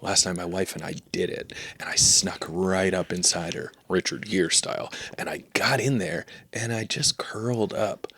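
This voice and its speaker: Tiny smug landlord, hushed and half-whispered, low and quiet, put on by a man on a comedy podcast. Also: steady tone, moderate pace, hardly any pauses, slightly rough, full character voice. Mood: creepy confiding.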